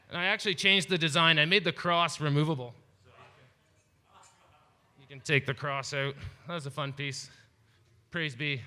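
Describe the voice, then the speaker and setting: A man's voice: on the high side, pushed and bright, clean tone. A man from Canada giving a rambling, jokey talk about his glasswork, full of fillers. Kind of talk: casual comedic slideshow talk. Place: festival presentation hall. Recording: long hall reverb.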